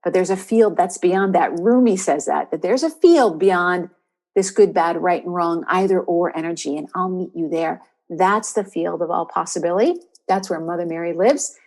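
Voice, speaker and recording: A woman's voice: fairly low pitch, darkish tone. A woman who is a spiritual coach and podcast host, giving an encouraging inspirational monologue and repeating questions for emphasis.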